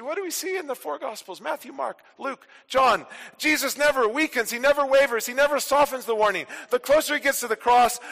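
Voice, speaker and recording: A man preaching a sermon from the pulpit, emphatic and forceful, then dropping to quiet asides. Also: very high voice. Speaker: pastor. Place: church sanctuary. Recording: long reverb of a church hall.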